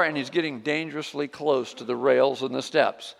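A man preaching a sermon in a church, impassioned, swinging from hushed prayer to loud exhortation. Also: mid-range voice, steady tone, moderate pace, gravelly, hardly any pauses, big-room sound. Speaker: pastor. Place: church sanctuary.

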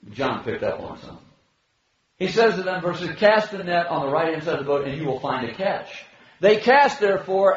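Animated male preacher in an echoey hall. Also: recorded from a distance. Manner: animated, acts out the biblical dialogue with shifting pitch. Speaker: pastor. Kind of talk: expository sermon. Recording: very echoey, muffled hall recording.

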